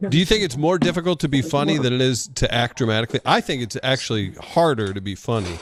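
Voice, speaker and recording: A man's voice: mid-range voice, expressive, fast talker. A man who regularly joins the chat show, interjecting and steering the conversation. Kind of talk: casual chat.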